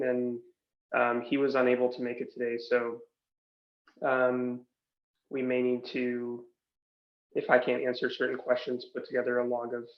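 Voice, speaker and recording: A man slowly walks a video call through a proposal, pausing often on "um" and "uh". His voice comes through a roomy space with dull, lo-fi audio. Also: mid-range voice. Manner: halting, many fillers. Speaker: presenter of a proposal. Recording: echoey room, dull lo-fi audio.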